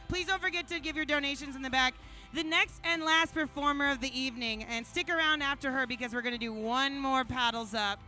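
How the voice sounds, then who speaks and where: On a brewery event stage, a woman with a high, bright voice and a forceful tone emcees a live charity paddle auction. She playfully hypes the crowd and calls out bids as she hosts.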